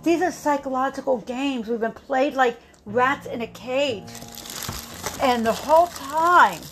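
A woman's voice: high voice, unhurried, a bit bright, faint music behind. A woman delivering an impassioned political monologue, emphatic and rousing, repeating lines for effect and dropping to a grave tone for warnings.

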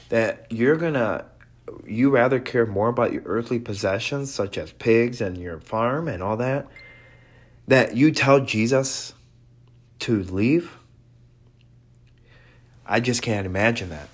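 A man giving an earnest devotional sermon, reading scripture and reflecting on it, with halting restarts and quiet drops in his voice. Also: medium pitch. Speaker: preacher.

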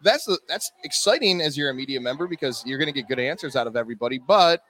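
A man co-hosting a sports talk show, telling quick anecdotes and defending his picks. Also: mid-range voice, animated, bright, forceful tone. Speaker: sports talk co-host and Heisman voter. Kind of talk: casual sports radio banter.

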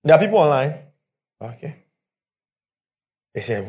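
A male pastor preaching to a church, telling stories with animated pidgin asides. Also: medium pitch, moderate pace. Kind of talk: sermon. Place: church with live and online congregation.

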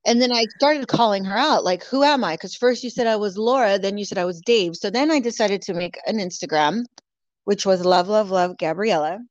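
A woman from California, speaking a little fast in a mid-range voice, tells a story as a guest in casual chat. She's blunt, swears a lot, and fills her speech with "like," all in dull, lo-fi, dry audio with no room sound.

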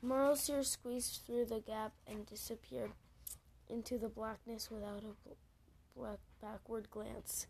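A woman's voice: a little high, fairly even intonation, unhurried, vocal fry, a little hiss or hum. Casual woman reading a story aloud. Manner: stumbles and restarts words, swearing jokey asides.

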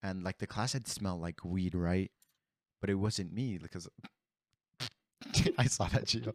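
Young man, deep low voice, rambling profane storyteller, casual chat, dry close sound. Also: unhurried, dry recording. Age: young adult. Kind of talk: casual storytelling among friends.

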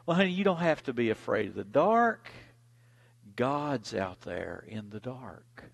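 Man putting on a high coaxing mama. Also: lively intonation, unhurried, fairly bright tone, in a large hall. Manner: soothing, stammering repetitions. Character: gentle coaxing mother, older woman.

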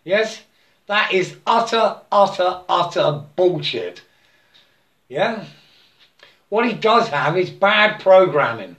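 A man giving a halting, repetitive spiritual monologue, breaking into chanted mantras and laughing to himself. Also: high-pitched, sing-song, fairly bright tone.

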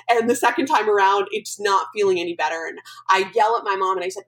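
A woman guest on a podcast, telling a personal story in an animated, emotional way. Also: mid-range voice, a little fast, low-quality recording. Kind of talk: casual storytelling interview.

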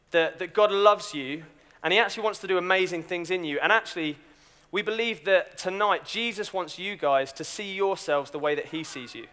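Man, youth speaker, chatty storytelling, bright tone, smooth voice. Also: a little high. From Britain. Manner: chatty, self-deprecating storyteller.

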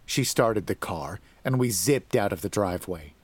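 A man narrating a scripted horror story in a measured, dramatic way that rises to tense emphasis. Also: low voice, no room sound.

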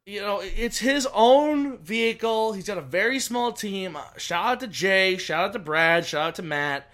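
High, bright-voiced man chatting excitedly. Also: normal speed. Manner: excited, rambling, many restarts. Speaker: podcast co-host. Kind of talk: casual racing chat.

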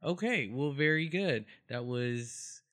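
A man co-hosting a podcast in easy, casual chat. He is playful and laughs often, and he talks in quick bursts. His pitch sits in the middle range. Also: expressive, a bit bright. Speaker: podcast co-host.

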